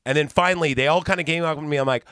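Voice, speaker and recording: A man's voice: on the high side, very fast, smooth, dry recording, studio quality. A man hosting a podcast, telling a story in casual chat, swearing freely and acting out the people he quotes. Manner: profane, animated, acts out quoted people. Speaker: podcast host.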